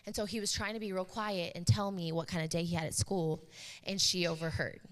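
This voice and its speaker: A woman's voice: fairly low pitch, fairly quick. A woman pastor in her thirties preaching a sermon, chatty and joking as she tells stories about her family. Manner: chatty, joking, animated storytelling. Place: church sanctuary. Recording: live church hall reverb.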